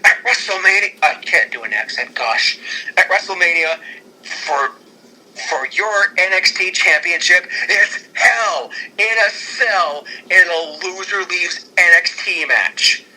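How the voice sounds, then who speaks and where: Brief: man, casual podcast co-host, rambling, eager, very bright and fairly high voice. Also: slow, poor audio. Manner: excitable and rambling, with frequent restarts. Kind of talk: casual podcast chat pitching storylines.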